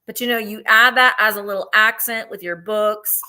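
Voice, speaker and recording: A woman's voice: medium pitch, steady tone, normal speed, pushed and bright. A woman hosting a live online vintage sale, chatting and gushing over each piece while counting down bids. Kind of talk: live online sales chat.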